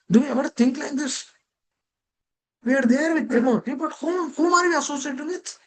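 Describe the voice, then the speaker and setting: A man's voice: extremely high pitch, slight background noise, poor audio. A man gives a devotional scripture class over a video call. He keeps asking rhetorical questions and linking ideas with "that means.".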